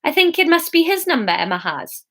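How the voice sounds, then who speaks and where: A woman's voice: high voice, very animated, brisk, fairly bright tone, pitched above the performer's own voice, exaggerated voice. A woman voicing a concerned, eager young woman who works in a shop.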